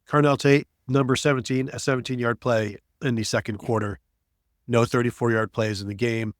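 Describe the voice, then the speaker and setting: A man's voice: medium pitch, no room sound, clean studio sound. A man hosting a sports podcast with playful, teasing banter. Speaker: podcast host.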